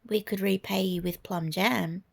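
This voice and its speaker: A woman's voice: medium pitch, steady tone, measured pace, vocal fry. A woman voicing a nervous young husband in a storybook, stuttering and apologetic in a raised voice.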